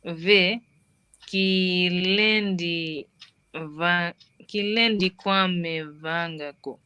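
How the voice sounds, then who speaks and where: A language student sounding out phrases haltingly, piece by piece. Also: medium pitch, steady tone, bright, forceful tone, clear, resonant tone, dry recording. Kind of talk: practicing phrases in class.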